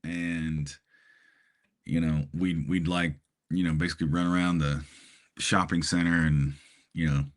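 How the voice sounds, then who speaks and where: A man's voice: a bass voice, little pitch movement, a little slow, long pauses. A man from Hawaii chatting casually on a podcast, telling a rambling story with lots of fillers and chuckles. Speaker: podcast co-host. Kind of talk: casual chat.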